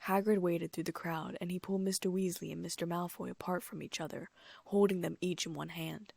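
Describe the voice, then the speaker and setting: A woman reading a first-person audiobook story in a steady way, with the odd slip and restart. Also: on the low side, brisk, vocal fry, husky, dry recording. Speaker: audiobook narrator.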